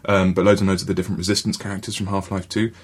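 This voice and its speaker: A man's voice: sits low, level tone, rapid-fire. A man chatting casually on a panel, rambling and hesitant with plenty of ums.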